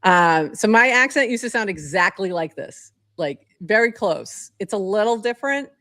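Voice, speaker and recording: A woman's voice: medium pitch, lively intonation, normal speed, fairly bright tone, no room sound, clean studio sound. A woman from southeastern Massachusetts co-hosting a podcast in casual chat, rambling and chatty with lots of fillers. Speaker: co-host.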